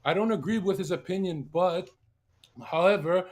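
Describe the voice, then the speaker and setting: A man's voice: high-pitched, moderate pace, a little hiss or hum. A man arguing politics as a podcast guest on an online call, combative and insulting, reading his point from notes. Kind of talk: heated political argument.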